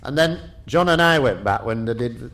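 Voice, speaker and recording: A man's voice: medium pitch, moderate pace. Older man, podcast guest, chatty storyteller who laughs easily. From Yorkshire. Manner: lively storyteller who laughs often and restarts sentences. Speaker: guest, retired rally driver. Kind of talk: casual anecdotal storytelling.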